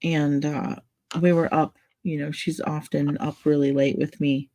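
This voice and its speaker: A woman's voice: low voice, little pitch movement, unhurried, darkish tone. A woman hosting a casual craft livestream, chatting in a rambling way and laughing often. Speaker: livestream host.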